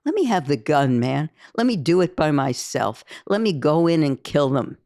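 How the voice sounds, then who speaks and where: A woman's voice: low voice, very animated, normal speed, mellow, no room sound. Woman reading a gritty memoir, dry close sound. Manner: intense, emphatic delivery of heated quoted speech. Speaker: audiobook reader. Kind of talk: first-person memoir narration.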